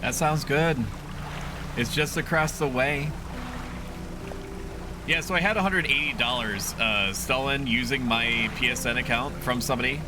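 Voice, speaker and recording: A man at a mid-range pitch, casually narrating his gameplay to viewers. He rambles and swears freely, and game music plays steadily underneath. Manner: rambling and profane, talks to chat. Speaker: streamer.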